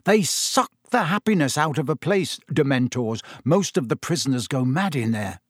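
A man voicing a calm, wry teenage schoolboy in an audiobook, talking in a reassuring way. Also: mid-range voice, normal speed, slightly rough, no echo, studio quality.

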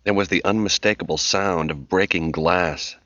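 Man narrating audiobook, very deep voice, dry, dull muffled audio. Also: no echo. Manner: measured storytelling, expressive. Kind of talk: scripted narration.

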